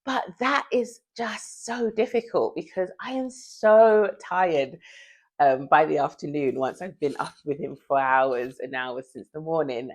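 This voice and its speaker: Woman chatting to camera at home, low voice, kinda out of breath, laughs a lot. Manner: chatty and confiding, laughs often. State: often out of breath. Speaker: vlogger. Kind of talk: casual chat to camera.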